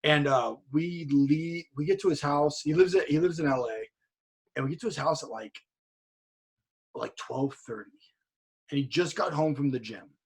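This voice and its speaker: Casting: guy, husky voice a little high, swears freely, rambling excited storyteller, video call. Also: normal speed, pauses often. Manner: profane, excitable anecdote-telling. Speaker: podcast guest. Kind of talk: casual storytelling.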